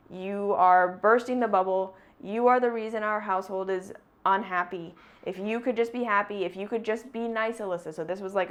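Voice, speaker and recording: A woman vlogger shares a candid personal story, earnest and reflective, her medium-pitched voice shifting between brisk stretches and slow, deliberate phrasing.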